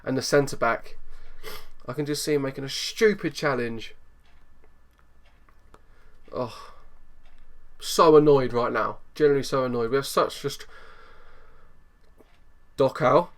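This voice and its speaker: A man giving excitable live commentary over a football management game, swinging from low muttering to loud outbursts. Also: unhurried, long pauses. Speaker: gaming YouTuber.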